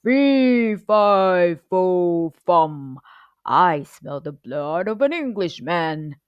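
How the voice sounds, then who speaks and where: A huge storybook giant, put on by a woman narrator, roaring out a menacing, bellowing chant. The voice swings up and down with lively pitch. It sounds close and dry, with no room behind it. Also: drawn-out words, smooth, dry recording, muffled recording.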